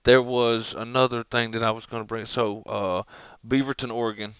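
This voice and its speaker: Medium in pitch, level in tone and normal in speed, this man's voice sounds fairly bright and clean, though the dry recording is muffled. A Southern-accented podcast co-host from the Southern US, he rambles through stories on his casual comedy show, voicing the people in them big.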